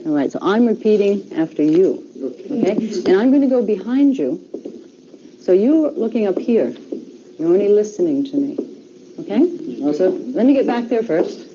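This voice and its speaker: A woman's voice: medium pitch, sing-song, moderate pace, dull audio, background noise. Patient woman teaching a language class. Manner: patient, repeats instructions, many okays.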